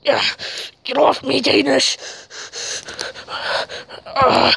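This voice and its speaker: A woman acting out every character in a homemade zombie drama, swinging between shouted curses and hushed whispers. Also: high voice, lively intonation, unhurried, vocal fry, pauses often, slightly rough.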